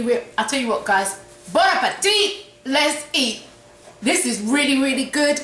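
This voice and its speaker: Woman host of a home cooking video, relaxed and chatty, echoey kitchen with faint background noise. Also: high-pitched, normal speed. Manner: chatty, repeats phrases, talks while eating. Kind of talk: casual cooking demonstration.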